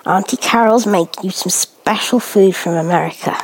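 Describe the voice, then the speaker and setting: A woman vlogging casually while spoon-feeding a baby, cooing in baby talk and often dropping to a soft whisper. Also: medium pitch, moderate pace, slightly rough.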